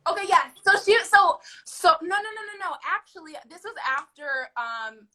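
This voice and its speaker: A woman's voice: very high-pitched, expressive, moderate pace, pushed and bright. A young woman in casual livestream chat, retelling her reality-competition experiences in a rambling way full of "like". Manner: rambling with many "like" fillers, retelling a conflict.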